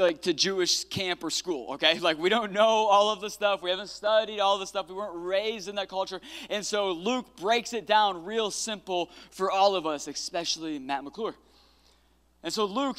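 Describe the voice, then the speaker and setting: A male pastor preaching a sermon in a church, retelling a Bible story, praying fervently and adding casual, energetic asides. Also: high voice, smooth. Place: church sanctuary. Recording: long hall reverb.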